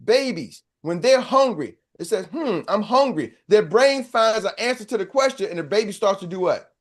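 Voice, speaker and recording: A man's voice: sits high, lively intonation, normal speed. A man gives a motivational sales training. He talks like a preacher, throws questions to the room and waits for answers. He slips into short acted voices to make his point. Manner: preachy, call-and-response, acts out little voices. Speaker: sales coach.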